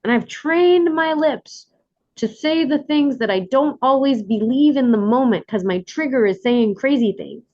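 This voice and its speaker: A woman's voice: high voice, a little slow, dull audio. A woman in her forties hosting a workshop, talking casually and animatedly to the group. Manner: animated, warm coaching tone with laughs. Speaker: workshop host.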